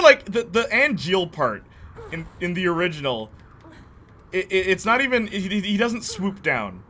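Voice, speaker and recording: A young man gives animated commentary over gameplay, with a bright, forceful tone and a voice that swings widely in pitch. He laughs often, uses lots of slang and mocks the dialogue in put-on voices. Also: a little slow. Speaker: let's play host.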